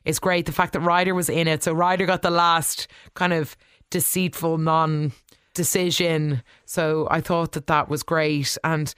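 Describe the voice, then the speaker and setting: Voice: mid-range voice, level tone, a little slow, a bit bright, smooth, no echo, clean studio sound. A vlogger giving a casual, opinionated episode recap in a chatty way, often talking back to the characters. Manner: chatty, opinionated, full of "like" and asides. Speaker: soap opera recap vlogger.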